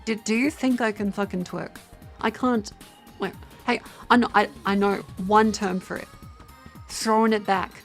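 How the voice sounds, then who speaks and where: A woman's voice: medium pitch, fairly even intonation, normal speed. A young Australian woman chatting casually on a livestream, tired, rambling and swearing with self-mocking banter. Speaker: streamer. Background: faint music.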